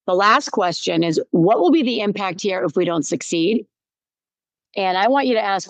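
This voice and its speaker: A woman's voice: medium pitch, dry recording, poor audio. A middle-aged woman hosting a solo podcast, telling a personal story in a conversational way and repeating phrases for emphasis. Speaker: podcast host.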